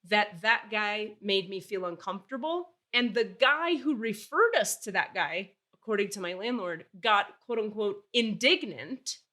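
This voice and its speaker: A woman's voice: mid-range voice, measured pace, hardly any pauses. A woman in her forties hosting a podcast, telling a story candidly and with exasperation. She swears freely. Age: 40s. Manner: animated, acts out dialogue while telling stories. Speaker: podcast host.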